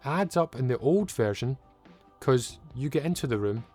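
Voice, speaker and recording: A man's voice: medium pitch, lively intonation, moderate pace, darkish tone, faint music behind. A young man giving a casual, rambling, opinionated video game review and swearing now and then.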